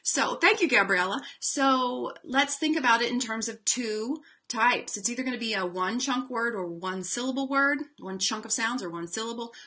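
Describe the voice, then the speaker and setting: Woman, reading teacher, bright voice, chatty webinar delivery with fillers, slows to stretch out sounds. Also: fairly high pitch. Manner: chatty, demonstrates sounds slowly, frequent fillers. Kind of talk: instructional webinar talk.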